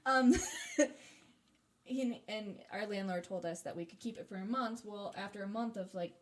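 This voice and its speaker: A woman's voice: mid-range voice, a little hiss or hum. A young woman co-hosting a podcast, chatting casually and giggling often. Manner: giggly, quick reactions. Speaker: podcast co-host.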